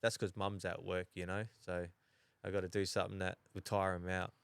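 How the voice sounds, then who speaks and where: A young Australian man chatting casually as a podcast guest, halting and full of restarts. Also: low-pitched, level tone, gravelly, clear, resonant tone, no echo. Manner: halting, many restarts and fillers. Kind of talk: casual chat.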